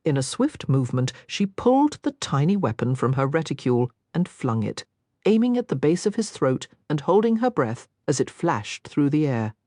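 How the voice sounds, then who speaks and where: A woman narrating an audiobook in a scripted, expressive reading on a close mic. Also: low-pitched, moderate pace, dry recording.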